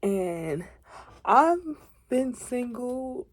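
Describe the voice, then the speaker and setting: A woman's voice: fairly high pitch, animated, extremely slow. A woman of twenty in a casual confiding vlog, rambling and chatty, with asides, self-corrections and dips into a whisper. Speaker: faith vlogger.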